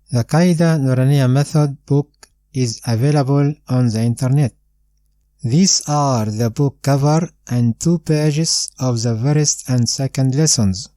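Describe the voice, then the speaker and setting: A man guiding learners through a recitation lesson, speaking slowly and carefully. His voice is mellow and warm, recorded dry and close with no room sound. He repeats each drill sound twice so that it sinks in. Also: medium pitch, no echo, low-quality recording. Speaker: Quran recitation teacher. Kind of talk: step-by-step instructional narration.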